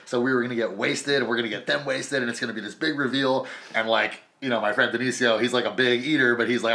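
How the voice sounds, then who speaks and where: A man's voice: medium pitch, steady tone, quick pace, bright, forceful tone. A young adult man in casual chat who swears a lot and laughs often as he tells a story.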